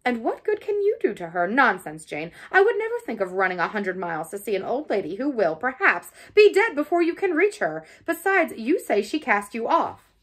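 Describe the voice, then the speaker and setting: A woman voicing a brusque, impatient gentleman master of the house who fires off curt questions, in an audiobook reading. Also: on the high side, sing-song, a little fast, hardly any pauses.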